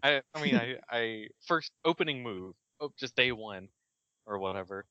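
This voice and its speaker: A man's voice: mid-range voice, expressive, normal speed, pushed and bright, clear, resonant tone, no room sound. A man joking playfully in a casual podcast chat, stammering as he restarts. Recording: dry, dull lo-fi audio.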